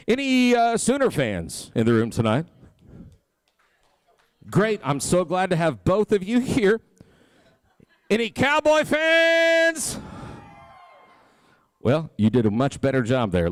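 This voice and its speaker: A man calling a live charity auction, rattling off bids in a fast rhythmic chant and joking with the crowd. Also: a little high, clear, resonant tone, no room sound. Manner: playful crowd banter. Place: banquet hall at a gala.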